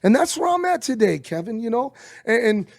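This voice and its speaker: Gravelly high-pitched man telling stories. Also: brisk, dry recording, clean studio sound. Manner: animated, swearing, acts out quotes. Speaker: interview guest. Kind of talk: casual storytelling.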